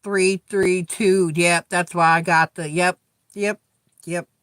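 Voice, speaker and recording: A woman's voice: on the low side, fairly even intonation, takes it slowly, fairly bright tone, clean tone, no room sound. A middle-aged woman hosting a casual live tarot chat, blunt and chatty, with frequent swearing as she talks straight to her viewers. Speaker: tarot reader and live stream host.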